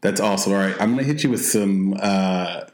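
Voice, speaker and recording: A man hosting a casual interview, chatty and quick to laugh. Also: sits low, a little mellow, slight background noise. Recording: roomy echo.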